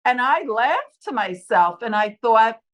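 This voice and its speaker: In this low-quality recording, a woman from the New York area speaks at a fairly high pitch and an unhurried pace. She earnestly recounts her own near-death experience in her own words, giving the quoted remarks of others lively voices.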